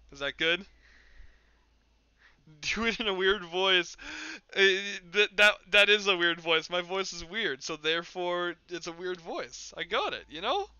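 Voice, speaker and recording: A man's voice: high voice, lively intonation, a little slow, sharp tone, clean tone, dry recording, lo-fi sound. A man streaming a game and chatting casually with his chat in a rambling, jokey way, laughing often. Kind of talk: casual live-stream chat while gaming.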